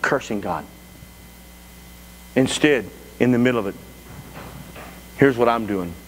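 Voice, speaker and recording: A man preaching a sermon as pastor to a live congregation, talking in an animated way with frequent restarts. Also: medium pitch, measured pace. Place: church sanctuary before a congregation. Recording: echoey church hall with faint hum.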